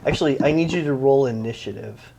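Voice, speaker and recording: A man narrating as game master of a tabletop role-playing game, relaxed and halting, often laughing. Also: medium pitch, creaky, a little hiss or hum. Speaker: dungeon master.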